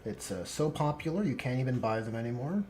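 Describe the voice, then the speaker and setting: A man hosting a relaxed live stream, painting miniatures and chatting with viewers in a dry, joking way. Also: mid-range voice, a little fast, a little hiss or hum. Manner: laid-back, dry joking, reads chat aloud.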